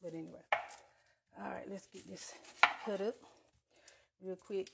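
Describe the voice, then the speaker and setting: A woman's voice: mid-range voice, fairly even intonation, measured pace, creaky. Chatty woman cooking live. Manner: chatty, addresses viewers as y'all, Southern US Black vernacular. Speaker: home cook livestreaming. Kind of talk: casual cooking livestream. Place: home kitchen. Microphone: lapel mic. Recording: loud background noise, kitchen clatter.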